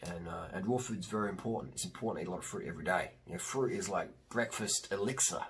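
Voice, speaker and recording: A man's voice: sits low, quick pace, fairly bright tone, slight background noise. A middle-aged man, a cyclist, talking casually and emphatically to camera in a rambling, slangy way. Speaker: vlogger and cyclist.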